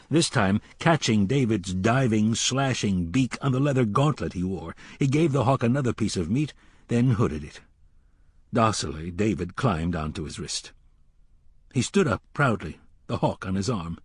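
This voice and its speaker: Low, husky male audiobook narrator. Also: expressive, no echo. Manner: measured, dramatic storytelling.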